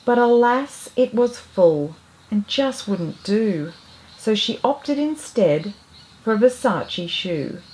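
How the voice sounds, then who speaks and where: Slow, gentle woman reading a picture book. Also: medium pitch. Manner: gentle, expressive and unhurried. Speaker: storyteller.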